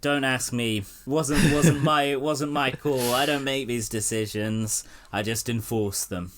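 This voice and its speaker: A man's voice: mid-range voice, fairly even intonation, measured pace, a bit bright, a little hiss or hum. A man hosting a casual political chat, sardonic and swearing freely. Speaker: podcast host.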